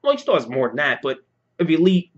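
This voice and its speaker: A man's voice: fairly high pitch, very animated, fast, highs cut off. A man talking casually and animatedly to viewers in a home vlog, swearing, repeating himself and recorded on a computer mic at home. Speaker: fan vlogger.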